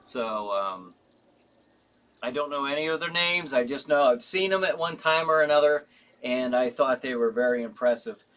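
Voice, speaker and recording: A man's voice: mid-range voice, moderate pace, a bit bright. A man hosting a casual live stream, reading viewer comments aloud and answering them in a rambling way with fillers and restarts. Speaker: host.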